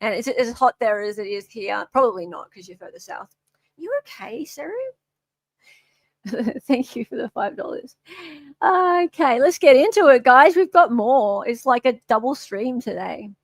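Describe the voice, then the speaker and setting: A woman's voice: fairly high pitch, expressive, normal speed, dry recording, clean studio sound. An Australian woman hosting a casual livestream, chatting and reading viewer comments aloud. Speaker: livestream host.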